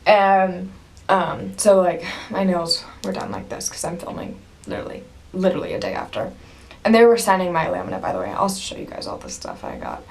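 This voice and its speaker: A woman's voice: fairly low pitch, sing-song, fairly quick, gravelly, a little mellow. A young woman vlogging casually to camera, gushing and rambling with lots of "like" and "literally".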